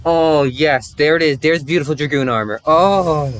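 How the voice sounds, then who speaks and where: A man streaming a game live, reacting out loud in an animated way. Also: fairly high pitch, moderate pace, slight background noise. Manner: animated, laughing, reacts aloud. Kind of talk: live gaming commentary.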